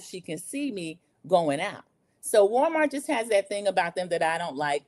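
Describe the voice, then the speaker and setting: A middle-aged American woman with a lowish voice and darkish tone hosts a livestream. She chats casually about her opinions while reading viewer comments, blunt, opinionated and candid in her storytelling.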